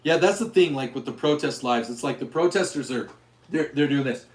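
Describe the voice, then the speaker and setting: Hoarse, rambling gun-channel host, echoey room. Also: male voice, on the high side, fairly quick. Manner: rambling, with frequent restarts and fillers. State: hoarse, losing his voice. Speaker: gun channel host reading live chat. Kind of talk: casual livestream chat.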